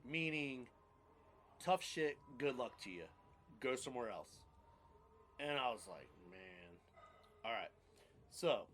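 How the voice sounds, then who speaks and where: A man's voice: mid-range voice, animated, unhurried, pauses often, fairly bright tone, slight background noise. A man in his thirties casually telling his life story on a podcast, rambling and blunt, with casual swearing.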